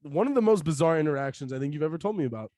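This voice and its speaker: A man's voice: fairly high pitch, animated, racing, dark tone, dry recording, clean studio sound. A young man co-hosting a podcast, reacting with disbelief and laughter. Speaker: podcast co-host. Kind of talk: casual chat, reacting.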